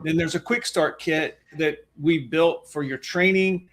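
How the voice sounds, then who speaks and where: A man's voice: fairly high pitch, unhurried, a bit bright. A man co-hosting a webinar as a financial planner, talking in an emphatic, folksy way. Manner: emphatic, folksy, talks with his hands on a soapbox. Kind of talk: webinar presentation.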